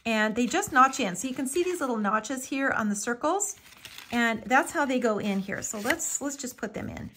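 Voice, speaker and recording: A woman's voice: a little high, lively intonation, normal speed, pushed and bright, slight background noise. A middle-aged woman hosting a live papercraft tutorial, chatty and homey, with frequent ums and lots of "little" and "so cute". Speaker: craft tutorial host.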